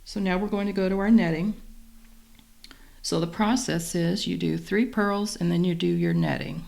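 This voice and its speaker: Low gravelly woman teaching beading. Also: moderate pace. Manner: calm, methodical, talks while working. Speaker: beading instructor. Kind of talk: step-by-step craft tutorial.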